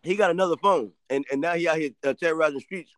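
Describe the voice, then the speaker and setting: A man's voice: on the high side, rapid-fire, fairly bright tone, no echo. A man co-hosting a casual chat, teasing and joking crudely.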